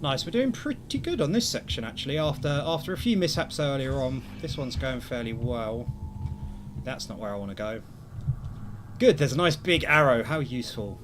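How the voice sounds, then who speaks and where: Over a noisy background, a young man gives casual gameplay commentary while streaming, chatty, rambling, and self-deprecating. He has a mid-range voice with lively intonation and speaks at normal speed.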